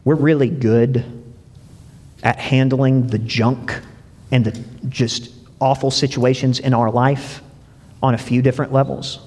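A man's voice: medium pitch, fairly even intonation, a little slow, pauses often, a little mellow. A male pastor preaching a sermon in a conversational way, dropping in "you know" and "right?" and repeating words as he restarts. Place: church. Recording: long reverb of a church hall.

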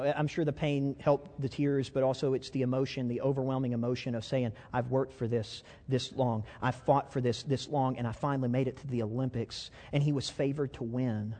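A man preaching a sermon from a church stage, telling a story with passion, swinging from loud to hushed and often repeating words. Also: mid-range voice, in a large hall. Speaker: pastor.

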